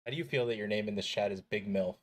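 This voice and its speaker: A man's voice: on the low side, fast. Give me a young guy live-streaming a game, loose and jokey. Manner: joking, rambling, swears casually. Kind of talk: casual live-stream chat.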